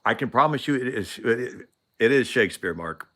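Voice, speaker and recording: A man's voice: mid-range voice, expressive, normal speed, a bit bright. A man hosting a show, telling a story casually, rambling with frequent laughs and restarts. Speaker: show host.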